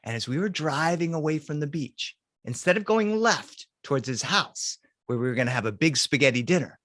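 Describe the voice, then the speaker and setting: A man telling a spooky story for children, animated, swinging between loud cries and hushed lines. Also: a little high, brisk, few pauses, no room sound.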